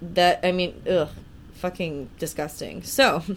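A woman's voice: on the low side, fairly even intonation, takes it slowly. A young woman co-hosting a podcast, reading out answers with profane, laughing remarks. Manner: profane, laughing, reads questionnaire answers aloud. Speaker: podcast co-host. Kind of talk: casual chat.

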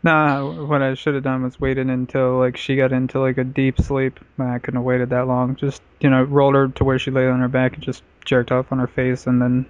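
A man's voice: medium pitch, monotone, a little fast, hardly any pauses, smooth. Rambling man telling a crude story. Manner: rambling, full of filler words. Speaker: podcast host telling a story. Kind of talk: crude casual chat. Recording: dull, lo-fi podcast audio.

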